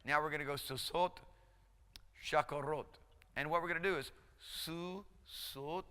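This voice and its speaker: A male instructor lecturing a class, encouraging and conversational, drilling pronunciation slowly, syllable by syllable. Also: on the high side, fairly even intonation, bright, forceful tone, clean tone. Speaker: Hebrew instructor. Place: lecture hall. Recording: lecture hall reverb.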